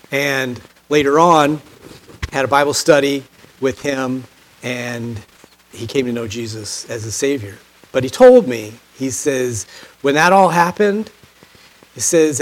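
A man preaching a sermon, telling a personal story in a folksy way, often dropping to a quiet low voice and rising when he stresses a point. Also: low-quality recording.

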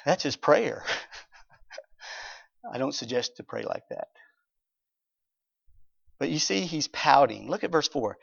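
Male preacher, lively swooping voice, reads scripture, acts out scenes, dull lo-fi recording. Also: on the high side, moderate pace, creaky, pauses often, dry recording. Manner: animated storyteller, acts out characters, chuckles. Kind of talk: sermon with scripture reading.

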